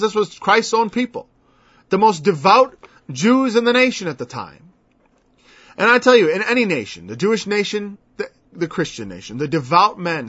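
A man's voice: sits high, fairly bright tone. A man preaching a sermon in an earnest, emphatic way, repeating words as he stresses a point and quoting scripture. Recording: dull lo-fi recording.

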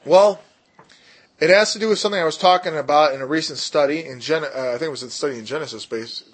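A man with a somewhat high, husky voice teaches a casual Bible study. He explains with emphatic bursts, drawing out key words slowly, and drops in jokey, self-deprecating asides.

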